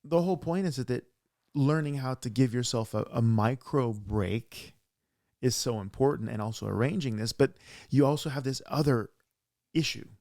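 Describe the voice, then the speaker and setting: A man co-hosting a conversational podcast, with a gravelly voice of middling pitch. He tells his stories emphatically and with animation, and the sound is close and dry. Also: moderate pace, a little mellow, no echo. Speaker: podcast co-host; practitioner who sees patients.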